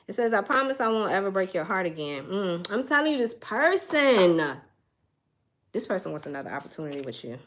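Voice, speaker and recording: A woman's voice: mid-range voice, sing-song, fairly quick, fairly bright tone. A woman, doing a casual tarot reading and chatting straight to her viewers in a folksy way. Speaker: tarot reader.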